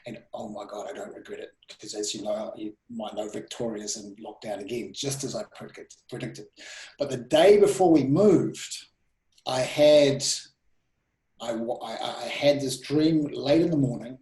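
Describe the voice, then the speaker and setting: A man in his thirties telling personal stories in an interview, animated and full of restarts and quoted self-talk. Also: mid-range voice, moderate pace. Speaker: guest speaker. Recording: roomy echo.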